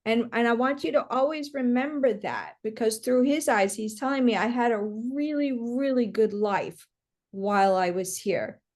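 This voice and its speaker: A woman's voice: a little high, moderate pace, a little mellow. A woman working as a psychic medium, giving a chatty reading on a video call with many fillers. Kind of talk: live online reading.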